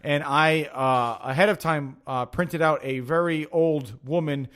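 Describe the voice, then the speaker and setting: Profane, excitable male podcast host. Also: on the high side, measured pace, clear, resonant tone. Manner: profane, excitable storytelling with acted-out quotes. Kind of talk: casual storytelling chat.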